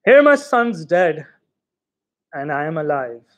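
A man voicing a humble, grieving old male cab driver who speaks softly and haltingly. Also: on the high side, big pitch swings. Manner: soft, halting, sorrowful.

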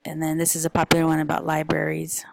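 A woman's voice: sits low, monotone, fast, vocal fry, darkish tone, rough recording. A woman, a parent, chatting casually and informally through a stack of picture book recommendations, with frequent ums and uhs.

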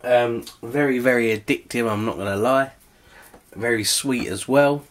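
A man's voice: medium pitch, normal speed. Enthusiastic young man. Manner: enthusiastic, rambling with fillers. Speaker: co-host. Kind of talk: casual vlog chat.

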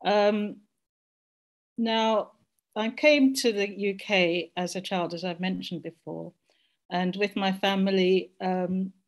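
A woman's voice: mid-range voice, steady tone, slow pace. Reflective woman, middle-aged, on a call. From Jamaica. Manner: reflective, searching for words. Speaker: discussion panelist. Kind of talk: personal reflection in a group discussion.

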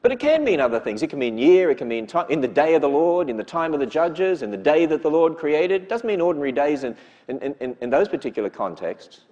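A man speaks to a church audience in a lecture style. His voice sits a bit high and swings widely in pitch as he presses each point. He keeps tossing rhetorical questions back at the listeners. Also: big pitch swings, fast talker, darkish tone, muffled recording. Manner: emphatic, with frequent rhetorical questions.

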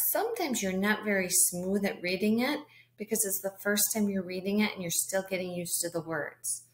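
A woman teaching kindergarteners a reading lesson, speaking slowly and encouragingly straight to the children. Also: on the low side. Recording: echoey room.

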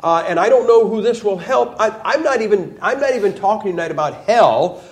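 Male preacher, high-pitched, emphatic folksy sermon delivery with mocking asides. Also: expressive, a little fast. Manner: quotes others in mocking voices. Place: church.

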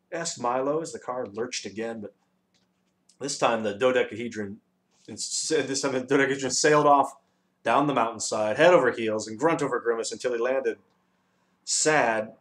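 A man narrating a children's novel with a lively, expressive reading. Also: medium pitch. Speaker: audiobook reader. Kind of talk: storybook narration.

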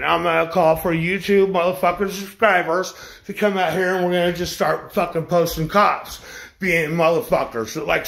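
A man's voice: high voice, vocal fry, a bit bright. A man ranting angrily at his viewers, boastful and aggressive, swearing constantly. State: angry. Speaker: vlogger ranting to camera. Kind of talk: profane angry rant.

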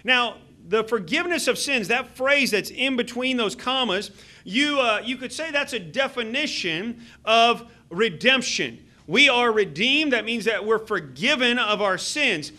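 A man in his thirties preaching a sermon as a church pastor, earnest and halting, with many fillers and restarts. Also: very high-pitched, animated, pushed and bright. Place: church sanctuary. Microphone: handheld microphone.

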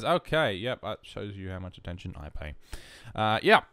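Australian guy, gaming voice-over, rambling and self-mocking, very animated, dry close mic. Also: on the low side, normal speed, smooth, no echo. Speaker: gaming YouTuber. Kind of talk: casual commentary over gameplay. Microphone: headphones and desk mic.

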